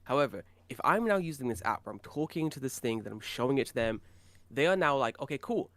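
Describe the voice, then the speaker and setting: A British man co-hosting a podcast, chatting casually and telling animated stories with a lot of swearing. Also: medium pitch, quick pace, no room sound. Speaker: podcast co-host.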